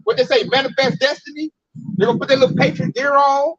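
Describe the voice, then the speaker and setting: High-voiced guy doing a bible lesson, blunt, slangy, muffled and dry sound. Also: steady tone, quick pace, fairly bright tone, no echo. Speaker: Bible teacher. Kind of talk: casual street preaching.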